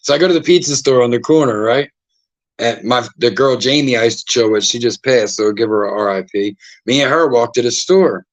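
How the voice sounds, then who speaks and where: A man hosting a podcast, telling stories in a casual, profane, animated way and acting out the voices of the people in them. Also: mid-range voice, lo-fi sound. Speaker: podcast host. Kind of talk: casual storytelling chat.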